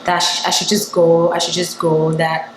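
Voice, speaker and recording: A woman's voice: lowish voice, monotone, moderate pace, noisy background. Chatty young woman in an echoey room. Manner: chatty, candid, full of "like" and "blah blah". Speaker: vlogger. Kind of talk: casual storytime chat.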